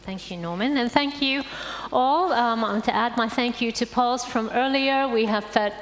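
A woman's voice: a little high, normal speed. A woman giving a talk as guest speaker at a church, conversational and earnest, with frequent "um"s. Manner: warm conversational preaching with many fillers. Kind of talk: sermon talk. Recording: echoey hall, faint ambience.

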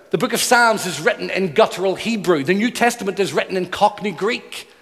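Male preacher, high voice, earnest, emphatic repetition, long hall reverb. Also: a bit bright. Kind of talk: sermon.

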